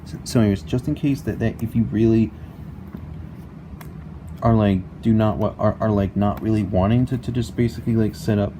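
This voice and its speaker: A young man explaining a music game tutorial in a halting way, repeating words and filling with "basically" and "like", recorded on a laptop mic at home. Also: lowish voice, dark tone, a little hiss or hum. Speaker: tutorial maker. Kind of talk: casual screen-recorded tutorial.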